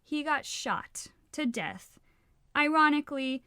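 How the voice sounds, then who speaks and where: A woman's voice: sits high, animated, slow pace, pushed and bright, no echo, studio quality. A woman co-hosting a casual podcast, talking frankly and with feeling, swearing freely and often restarting her sentences. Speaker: podcast co-host.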